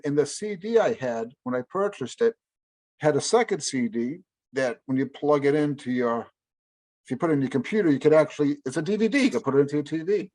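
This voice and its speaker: A man's voice: on the high side, darkish tone. A middle-aged man co-hosting a casual podcast, rambling and correcting himself as he talks enthusiastically about albums. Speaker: podcast co-host. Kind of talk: casual chat about music.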